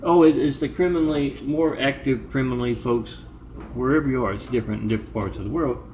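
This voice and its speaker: A man's voice: medium pitch, quick pace, a little mellow, a little hiss or hum. A man talking in a long, digressive monologue, often stopping to spell out numbers and web addresses letter by letter. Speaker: video maker. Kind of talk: rambling monologue.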